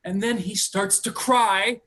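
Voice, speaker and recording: A man's voice: high-pitched, steady tone, takes it slowly, pushed and bright, exaggerated voice. A man playing a frustrated TV actor. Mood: indignant. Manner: earnest, indignant complaining. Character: frustrated male TV actor, earnest and indignant. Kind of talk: live play reading over video call. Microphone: home computer mic on a video call.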